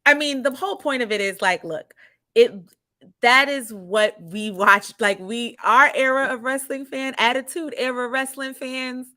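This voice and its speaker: A woman's voice: on the high side, sharp tone, no room sound. A woman co-hosting a casual wrestling podcast, chatting with enthusiasm. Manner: enthusiastic, quick to laugh. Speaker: podcast co-host.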